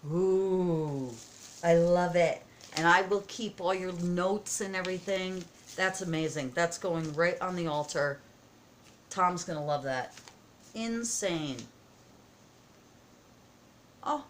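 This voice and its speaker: A woman vlogging at home as she opens happy mail, excited, gasping and halting with many fillers. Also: on the low side, a little hiss or hum. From United States. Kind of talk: casual vlog chat. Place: home, indoors.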